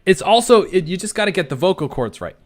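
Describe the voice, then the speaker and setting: A young male streamer chats casually with his viewers and pokes fun at himself. His pitch moves around a lot as he rambles through restarted sentences. Faint music plays underneath. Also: very animated, fast. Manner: self-deprecating, rambling restarts. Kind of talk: casual livestream chat.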